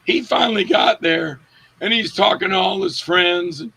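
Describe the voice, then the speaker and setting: A man's voice: sits high, brisk, creaky, slightly rough. A man, an actor being interviewed, telling set stories in a casual way and acting out the quotes with a raised voice. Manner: animated, acts out quotes with raised voice. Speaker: actor guest.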